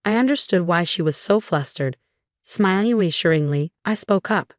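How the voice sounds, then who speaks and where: A woman reads a first-person family drama in an even, measured storytelling voice. Her voice sits a little low, and the recording is dry and close. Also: no room sound. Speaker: narrator. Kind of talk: scripted story narration.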